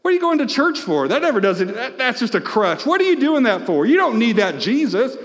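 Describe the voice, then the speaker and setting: A preacher acting out scornful male doubters who mock faith, in a shrill, mocking voice. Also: big pitch swings, a little fast, fairly bright tone, in a large hall, full character voice. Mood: scoffing.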